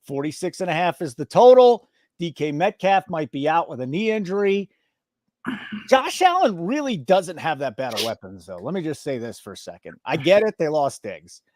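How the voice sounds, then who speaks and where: A man hosts a sports betting show, his voice bouncing up and down as he jokes and plays mock-offended. He sits a little high for a man and sounds close and dry. It is loose, fast-moving banter. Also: no echo. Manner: animated, joking, mock-indignant. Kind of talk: casual betting podcast banter.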